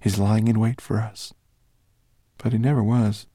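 A man reading an audiobook, voicing a wary, lonely female silver dragon with a hoarse voice. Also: lowish voice, steady tone, unhurried, warm tone, no echo, clean studio sound. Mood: sad. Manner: uncertain, then earnest and pleading.

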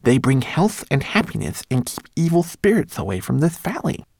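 A man's voice: on the high side, big pitch swings, creaky, darkish tone, no echo, studio quality, pitched above the performer's own voice, exaggerated voice. A man doing a tiny eager homunculus. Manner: whispering translator, quick and eager. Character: tiny nervous homunculus servant, male.

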